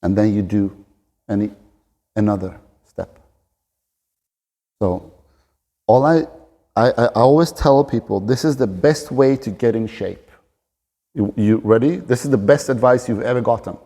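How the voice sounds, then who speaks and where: Forties guy, fitness coach pep talk, warm low-key voice, echoey big gym. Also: measured pace, pauses often. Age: 40s. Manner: earnest, direct, encouraging. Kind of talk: motivational talk to camera. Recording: long reverb of a large room.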